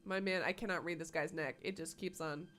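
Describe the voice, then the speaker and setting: A woman's voice: lowish voice, steady tone, fairly quick, a bit bright, slight background noise. A woman live-streaming a game, with playful, sarcastic commentary and plenty of swearing. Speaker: gaming streamer.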